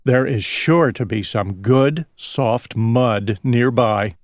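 A man voicing a small male pig who loves mud, in a high, squeaky storybook voice. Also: takes it slowly, no room sound, studio quality. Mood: hopeful.

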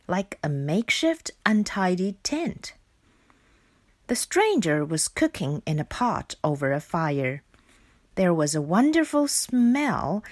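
A woman reading a children's picture book aloud in a slow, expressive storytelling voice. Her pitch rises and falls widely from phrase to phrase. The recording is dry and close, with no room sound. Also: dry recording. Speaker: narrator.

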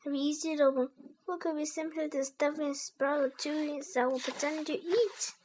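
A young child reads a storybook aloud in a high, earnest voice. The reading stumbles now and then with small slips and restarts. A faint background hiss runs underneath. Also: fairly even intonation, a little fast, darkish tone. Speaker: reader.

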